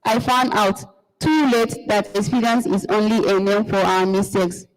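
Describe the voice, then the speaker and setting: A woman reading a play aloud, voicing an aging father who speaks in measured proverbs. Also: medium pitch, fairly even intonation, natural voice. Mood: reflective. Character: aging father guarding a painful secret. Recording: long hall reverb.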